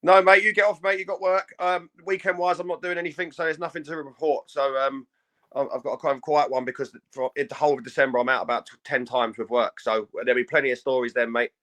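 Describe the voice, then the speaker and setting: A British man co-hosts a casual podcast at a quick pace, in a mid-pitched voice. He rambles, restarts his sentences often, and swears without fuss. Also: flat delivery, a bit bright. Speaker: podcast co-host.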